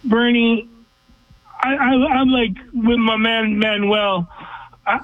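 A regular caller from Southern California phones in to a sports talk radio show, giving blunt, emphatic opinions. His voice is extremely high and level in tone, and he speaks slowly. The call comes through a tinny, dry phone line with no room sound.

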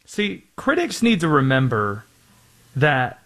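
A man's voice: on the high side, huge pitch swings, takes it slowly, background noise. A man hosting a sports talk show, setting up stories and throwing questions to his co-host. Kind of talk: sports news segment hosting.

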